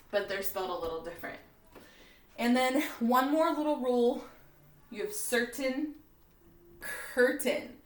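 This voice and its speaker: A woman's voice: on the high side, reverberant. A woman teacher giving a spelling lesson to fourth graders, patiently explaining and checking in with "okay?".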